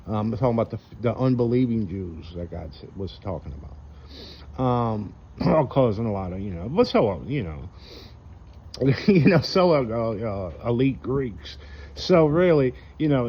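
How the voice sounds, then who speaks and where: Man, casual rambling rant, lots of "you know"; dull lo-fi sound, faint hiss. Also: fairly low pitch. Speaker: vlogger. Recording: dull lo-fi with faint background noise.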